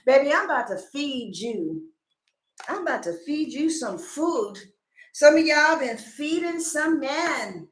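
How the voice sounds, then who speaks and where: A woman doing a casual tarot reading to camera, animated and joking, laughing often and slipping into comic voices. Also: sits high, unhurried, reverberant. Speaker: tarot reader.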